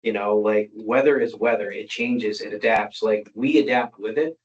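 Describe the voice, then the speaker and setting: A man at a public meeting giving a skeptical view, halting, restarting often and filling gaps with "you know". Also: lowish voice. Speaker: commissioner. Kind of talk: meeting discussion. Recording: muffled meeting-room recording.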